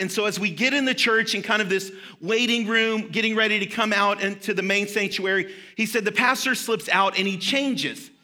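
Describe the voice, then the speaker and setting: Pastor, male, high bright voice, storytelling sermon from the pulpit. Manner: storytelling, animated retelling with quoted voices. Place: church sanctuary.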